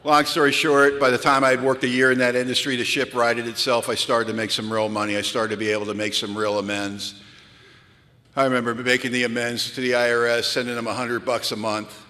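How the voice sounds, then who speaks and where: A man speaking at a recovery retreat, telling animated, self-mocking stories to a crowd. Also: mid-range voice, brisk. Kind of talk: storytelling talk at a retreat. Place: large event hall. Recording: long hall reverb from a large venue.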